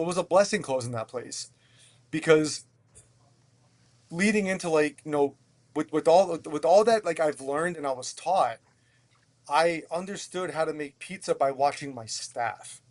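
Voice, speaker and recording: A man from Pennsylvania, a restaurant owner and podcast guest, telling his story in a candid, animated way, swearing freely and often stumbling over and repeating words. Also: on the high side.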